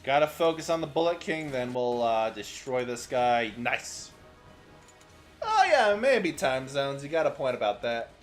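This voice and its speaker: A young man streaming a game, chatting with his viewers as he plays and breaking into sudden excited outbursts. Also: mid-range voice, normal speed, few pauses, soft background music. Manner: chatty, answers chat while playing, sudden excited outbursts. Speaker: VTuber streamer. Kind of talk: gaming livestream commentary.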